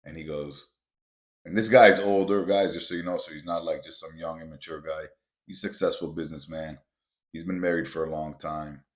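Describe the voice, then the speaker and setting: A motivational podcast host with a very deep, low voice gives his listeners blunt, emphatic advice, cursing freely. He speaks to them directly, often calling them "guys," in a steady tone at a fairly quick clip.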